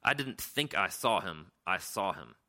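A man voicing an earnest young girl in a read-aloud storybook, his pitch raised and eager. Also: very animated, measured pace, bright, forceful tone, full character voice. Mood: insistent.

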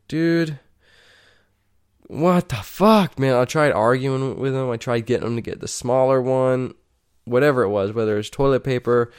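A man's voice: medium pitch, a little mellow, clean tone. A young man casually telling stories about his weekend, rambling and swearing, laughing often and quoting friends in raised voices. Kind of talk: casual storytelling.

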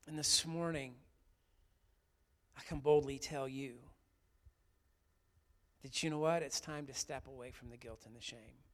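A man preaching an Easter sermon, swinging between loud, fervent emphasis and quiet, hushed passages. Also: mid-range voice, steady tone, a little slow, long pauses. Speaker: pastor.

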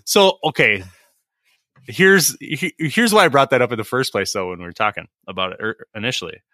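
A man's voice: mid-range voice, animated, a little fast, sharp tone, no echo, clean studio sound. A middle-aged man on a podcast, a licensed tradesman who rants bluntly, swears freely and acts out the exchanges he describes. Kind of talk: casual podcast chat.

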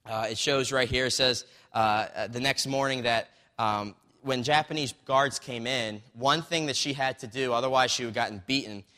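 A man's voice: medium pitch, normal speed, hardly any pauses, pushed and bright. A man retelling a story in a sermon, reading bits from a book, in a loose conversational way with many fillers and restarts. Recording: long reverb of a hall.

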